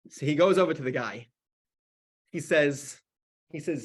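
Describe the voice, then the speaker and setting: Telling a story to teach his class, a rabbi speaks at normal speed in a fairly high, expressive, slightly rough voice. He keeps it conversational, with frequent restarts and plenty of "you know."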